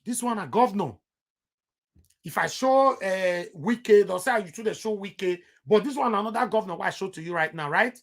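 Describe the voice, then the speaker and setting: A man's voice: high voice, expressive, normal speed, vocal fry, a bit bright. A man with a Nigerian accent giving heated political commentary on his vlog, emphatic and repeating himself for stress.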